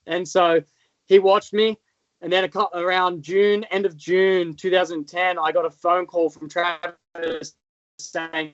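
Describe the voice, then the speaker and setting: A man's voice: high-pitched, fairly even intonation, normal speed, fairly bright tone, dry recording. An Australian man in his thirties, a motocross rider guest, telling his story in rambling casual talk with many fillers. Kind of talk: casual interview chat. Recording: dull, lo-fi sound.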